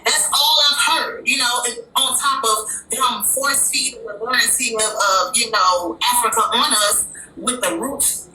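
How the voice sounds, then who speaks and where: A woman from Chicago argues her point in a heated casual talk, emphatic and indignant, her high voice bright and piercing. She is heard off-mic in a roomy, echoing space. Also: unhurried, far from the mic, a little hiss or hum. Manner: emphatic, indignant, at times shouting.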